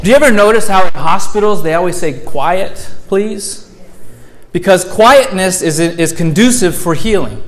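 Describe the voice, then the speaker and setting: Pastor preaching, loud then soft. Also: male voice, high voice, brisk, hardly any pauses. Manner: shifts between loud preaching and soft, gentle delivery. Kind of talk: sermon. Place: church sanctuary.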